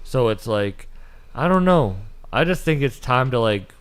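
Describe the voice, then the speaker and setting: A man in his late twenties hosts a livestream and talks in a loose, casual way. He is blunt and encouraging, and he swears freely as he makes his point. His voice sits at an ordinary middle pitch. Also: big pitch swings, unhurried, slight background noise. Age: late 20s. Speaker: livestream host. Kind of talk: casual conversation.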